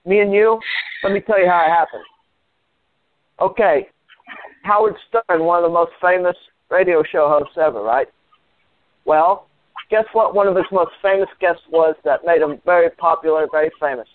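A man's voice: fairly high pitch, moderate pace, long pauses, dry recording, lightly acted. A man doing a rambling prank caller. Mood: scheming. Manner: rambling, full of fillers. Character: scheming male radio caller. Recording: dry tinny phone line.

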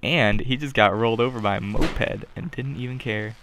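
A man doing goofy let's play commentary, joking along and bursting into loud yelps. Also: mid-range voice, normal speed, background noise. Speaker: gaming commentator.

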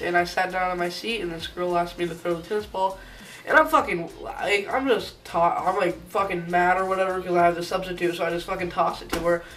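A man's voice: high-pitched, fairly bright tone, far from the mic, poor audio. Profane teen boy ranting, slightly off-mic. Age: teens. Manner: profane, rambling, aggrieved. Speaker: vlogger. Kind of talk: casual storytime rant.

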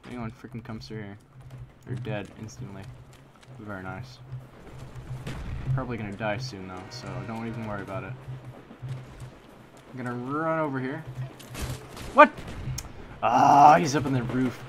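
A man's voice: lowish voice, steady tone, moderate pace, pauses often, over music. A young man giving live commentary over a shooter game, swinging between muttered complaints and sudden frustrated outbursts at enemy campers. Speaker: gameplay commentator. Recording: game gunfire behind voice. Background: loud shooter game sounds, gunfire.

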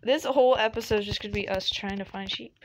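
Excitable young woman chatting over gameplay. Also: mid-range voice, fairly quick, slight background noise. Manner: excitable, chatty, laughs often. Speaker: gaming channel host. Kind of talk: casual gameplay commentary.

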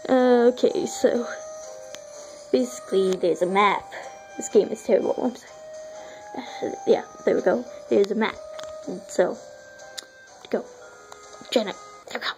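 A woman's voice: medium pitch, unhurried, long pauses, darkish tone, soft background music, poor audio. A woman giving casual, self-deprecating commentary while playing a video game, apologizing often and filming on a phone. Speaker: let's play gamer. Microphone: phone filming a screen.

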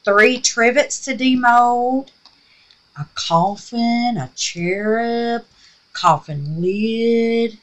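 A woman's voice: a little high, very slow. A woman with a slightly scratchy voice, chatting casually and gushing as she walks viewers through a craft project. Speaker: resin craft vlogger. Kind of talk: casual crafting tutorial chat.

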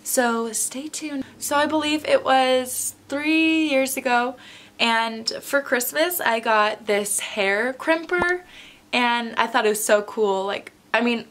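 Chatty young woman telling a story. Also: a little high. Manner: chatty, animated storytelling with many likes. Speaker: vlogger. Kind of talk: casual storytime vlog.

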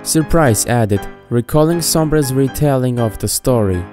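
A woman narrating a storybook with a steady, even-paced reading. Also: a bass voice, unhurried. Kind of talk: storybook narration of fan fiction. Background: faint background music.

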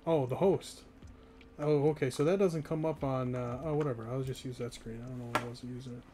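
A man's voice: mid-range voice, brisk, noisy background. A young man in his twenties, from the northeastern US, chatting casually and rambling with chat while streaming a game, often laughing.

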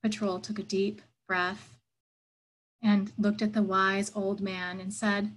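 A woman's voice: medium pitch, level tone, unhurried, rough recording. A woman giving a reflective sermon at an online church service, earnest and thoughtful, telling a story.

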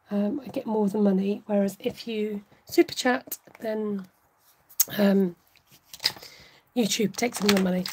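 A woman hosting a casual livestream craft tutorial, chatting warmly with viewers and laughing often. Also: medium pitch, husky, poor audio. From United Kingdom. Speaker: craft channel host.

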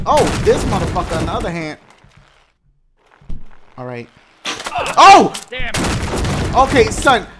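A man giving loud, profane commentary while he plays a video game, often yelling at what happens on screen. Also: sits high, background noise. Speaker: gaming YouTuber. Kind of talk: gameplay commentary.

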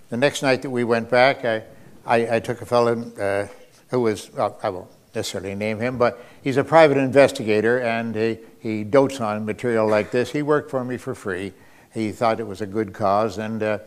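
Wry man telling a story, full of fillers. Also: mid-range voice. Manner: wry, hesitant with many fillers, chuckling. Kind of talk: anecdotal talk.

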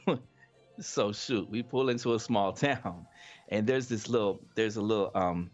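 A man's voice: lowish voice, normal speed, dull audio, faint music behind. A man hosting a casual chat, telling a story with laughter and acting out quoted voices. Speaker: podcast host.

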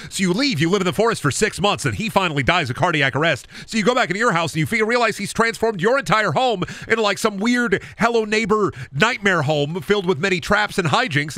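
A man's voice: high voice, lively intonation, fast talker, few pauses, sharp tone, no room sound. A man who is a gaming streamer, riffing through absurd comedic stories on stream with frequent swearing. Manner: absurd, self-aware storytelling, swearing.

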